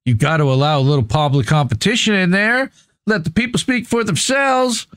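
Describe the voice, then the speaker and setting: A man's voice: sits high, animated, brisk, a bit bright, clean tone, no echo. A man hosting a podcast, reading an article aloud and breaking off to comment in a blunt, opinionated way, swearing casually as he goes. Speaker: podcast host.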